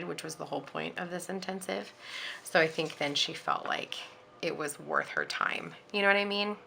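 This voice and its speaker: A woman's voice: sits low, vocal fry, bright, forceful tone, a little hiss or hum. A woman in her thirties chatting casually in a planning vlog, telling a story with lots of fillers. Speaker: planner vlogger and parent. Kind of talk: casual chat while decorating a planner.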